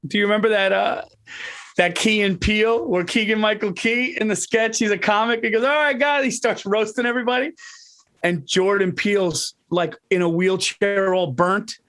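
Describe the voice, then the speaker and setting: A man with a high voice chats on a comedy podcast as co-host. He retells scenes eagerly, swearing and laughing as he goes. He talks casually and quickly. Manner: animated, profane retelling with laughs.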